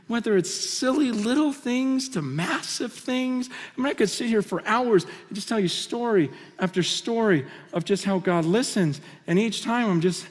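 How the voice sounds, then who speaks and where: Animated man preaching in a hall. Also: sits high, moderate pace, few pauses. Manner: animated, storytelling with repeated restarts and laughter. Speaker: conference speaker. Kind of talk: conference sermon, personal stories. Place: large conference hall stage. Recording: hall reverb from a large venue.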